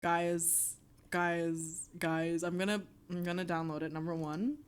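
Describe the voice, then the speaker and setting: A young woman streaming live, chatting casually and excitably, swearing often. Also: fairly low pitch, a little slow, smooth. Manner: excitable, swearing, breaks into shrieks and laughter.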